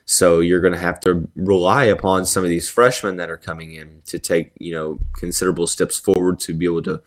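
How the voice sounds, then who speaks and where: A man's voice: low voice, steady tone, fairly quick. A man hosting a solo sports podcast, talking through basketball news in a rambling way with lots of fillers and restarts. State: yawning and sneezing.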